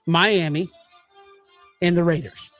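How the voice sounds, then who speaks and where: A man's voice: fairly high pitch, steady tone, slow pace, a bit bright, soft background music. A man co-hosting a sports talk show, chatting casually, laughing easily and poking fun at himself. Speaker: co-host.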